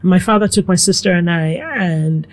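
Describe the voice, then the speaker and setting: A woman's voice: lowish voice, brisk. Middle-aged Nigerian-born woman telling her story. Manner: reflective, animated with quoted asides. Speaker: guest, food blogger. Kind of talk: conversational storytelling.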